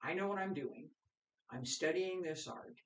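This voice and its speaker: Slow, calm man teaching qigong. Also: fairly high pitch, distant mic. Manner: slow, calm counting of breaths. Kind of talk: guided practice and explanation. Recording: echoey room, voice from off-mic.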